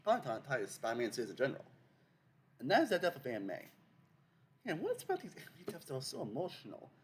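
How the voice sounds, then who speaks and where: A man's voice: mid-range voice, huge pitch swings, fast talker. A young man hosting a casual video essay, rambling with many fillers and restarts.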